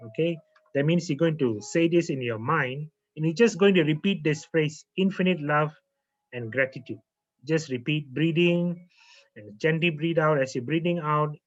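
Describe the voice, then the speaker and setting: A man with a slightly high voice leads a calm breathing and relaxation lesson, speaking slowly and repeating his phrases. The recording is muffled and lo-fi. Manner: calm, slow, repeats phrases with frequent okays. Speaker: naturopath and yoga teacher. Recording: muffled lo-fi audio.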